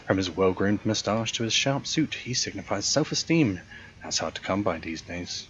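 A man with a fairly low voice hosts a let's play. He talks casually and reads the game text aloud in an easygoing, conversational tone. The recording sounds dull and lo-fi, with faint noise underneath. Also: animated, moderate pace. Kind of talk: casual game commentary and reading.

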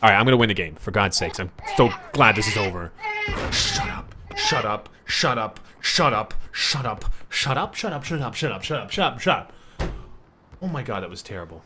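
A young man streaming a basketball video game, muttering and then yelling in frustration at a useless teammate. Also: lowish voice, lively intonation, quick pace, noisy background. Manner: frustrated, ranting and swearing at a teammate; swings between muttering and yelling. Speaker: gaming streamer. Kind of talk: live gameplay commentary.

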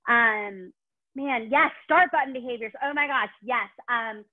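A woman's voice: fairly high pitch, a little slow. A woman with a Chicago accent, a dog trainer answering webinar questions in a gushing, rambling way with many ums. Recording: tinny phone-like call audio.

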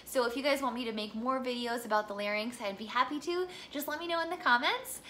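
A young woman from the Midwest gives a singing lesson in a bright, clear voice that sits a little high. She talks in a chatty, encouraging way and demonstrates each vocal exercise as she goes. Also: fast, slight background noise. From American Midwest. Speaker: singing teacher.

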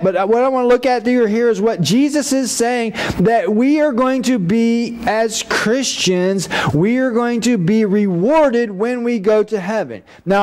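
Folksy high-voiced male pastor. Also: darkish tone, slight background noise. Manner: folksy, conversational, with frequent restarts and asides. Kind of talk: sermon. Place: church.

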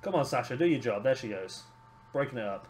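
A British man giving casual, excitable play-by-play commentary on a wrestling video game. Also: medium pitch, fast talker, a little hiss or hum. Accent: British English. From Britain. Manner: excitable, calls near-falls with rising energy.

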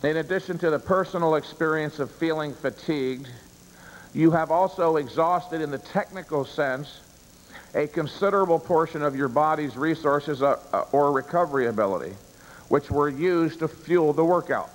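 His pitch is on the higher end and his pace moderate as he gives an emphatic live seminar lecture to a room full of listeners. He stresses key words and responds to his own rhetorical questions, all captured in a reverberant space with a long echo.

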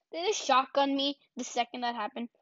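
A woman giving casual gameplay commentary as a channel host, excitable and self-deprecating, yelping and repeating words in bursts. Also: sits high, no room sound. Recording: dull lo-fi home recording.

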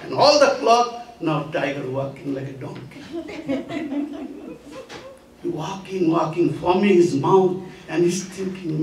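Guy telling a story in a sermon, high lively voice, echoey temple hall, mic far away. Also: slow pace, long pauses. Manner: animated, laughing storyteller. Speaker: preacher. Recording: echoey hall, distant mic, faint noise.

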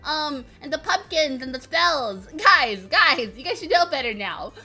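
Bubbly high-voiced woman streamer, voice cracking. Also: lively intonation, measured pace. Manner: bubbly, giggly, greets chat warmly. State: recovering from illness, voice cracking. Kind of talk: casual live-stream chat with viewers.

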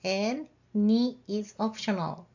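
A woman teaching a language lesson, explaining grammar patiently and saying example sentences out loud. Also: medium pitch, slow, dull audio. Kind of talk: slow, careful lesson explanation.

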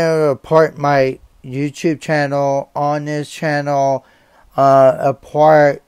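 A man's voice: mid-range voice, little pitch movement, takes it slowly, a little mellow, clean tone, no echo. An angry young man ranting to the camera as a vlogger. He swears often, stops mid-sentence and repeats himself. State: angry and upset.

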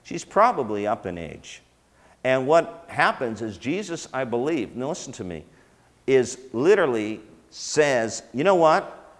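A man's voice: mid-range voice, very animated, a little slow. A man teaching in sermon style, talking conversationally with fillers and restarts. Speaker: teacher of a ministry school. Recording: long hall reverb.

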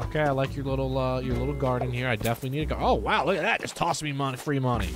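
A man streams live in a loose, chatty way, reacting out loud to whatever pops up and swearing when something catches him off guard. His voice sits at an ordinary middle pitch, and bright game music plays clearly behind him the whole time. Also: fast. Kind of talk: casual live-stream chat while playing.

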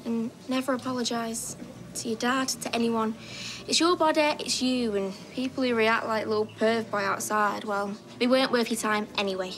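A woman's voice: fairly high pitch, steady tone, moderate pace, background noise, close to an everyday voice. An actress playing a frank, caring woman who comforts a teenager bluntly. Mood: encouraging. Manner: blunt, encouraging. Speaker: soap opera character.

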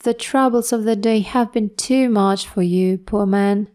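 A kind, cheerful neighbor woman fussing over a tired man, read by a woman narrator. The voice is mellow and soft, with a gentle lift as she offers tea. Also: mid-range voice, measured pace, natural voice.

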